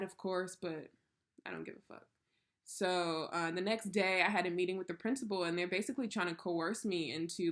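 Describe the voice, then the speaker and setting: A woman's voice: medium pitch, fairly bright tone. Candid young woman vlogger telling a story. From United States. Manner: candid and emphatic, with swears and laughs. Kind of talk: casual personal storytelling.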